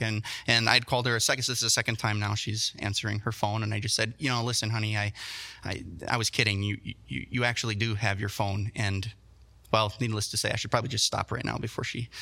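A young man preaching a sermon, telling stories with animated, self-deprecating asides. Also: medium pitch. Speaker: pastor.

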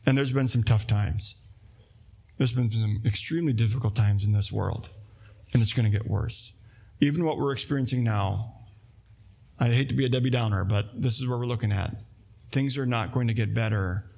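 A man's voice: mid-range voice, gravelly, a little mellow, husky. A man preaching a sermon as pastor, in a conversational way with asides and restarts.

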